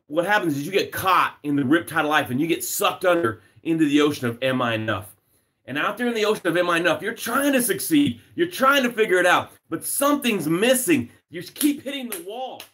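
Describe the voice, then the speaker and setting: A man's voice: on the high side, a bit bright. A man hosting a live motivational broadcast as a success coach, speaking emphatically in repeated phrases and reading viewer comments aloud. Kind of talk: motivational livestream talk. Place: home.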